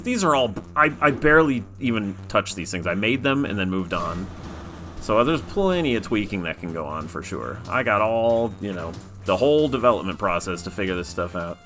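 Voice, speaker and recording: A low-pitched man chatting his way through his own game build on a livestream. He talks in a loose, rambling, laid-back way and swears now and then. Faint music plays under his voice. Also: fairly bright tone. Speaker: game developer streamer. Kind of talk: casual livestream commentary.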